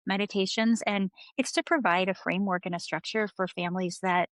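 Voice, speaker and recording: Gentle-voiced woman counselor, dry sound. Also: mid-range voice, steady tone, a little fast, no room sound. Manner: gentle, soothing, earnest. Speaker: counselor guest. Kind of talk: conversational interview.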